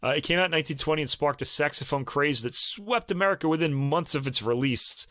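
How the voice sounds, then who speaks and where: A man co-hosting a music podcast, chatting casually and thinking aloud with many pauses and ums. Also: a little high, sharp tone, no room sound, clean studio sound. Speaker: podcast co-host. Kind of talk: casual chat about recordings.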